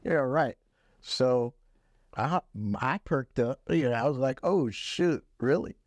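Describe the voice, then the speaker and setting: An older man, a musician, telling stories from his career in a relaxed, laughing way on a podcast. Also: medium pitch, takes it slowly, no echo, clean studio sound. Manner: relaxed, laughing storyteller, acts out quoted voices. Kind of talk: casual storytelling chat.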